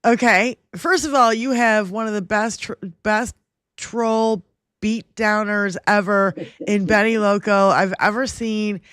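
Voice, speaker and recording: A woman's voice: medium pitch, fairly even intonation, unhurried, fairly bright tone, smooth, dry recording, clean studio sound. A woman co-hosting a political livestream, swearing freely and ranting at trolls in the chat. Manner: profane, combative, ranting at trolls. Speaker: livestream co-host.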